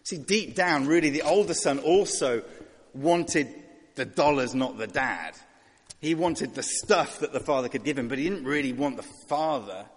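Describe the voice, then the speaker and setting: A man's voice: mid-range voice, lively intonation, normal speed, breathy edge, big-room sound. A man preaching a sermon in a conversational way, asking rhetorical questions and voicing characters.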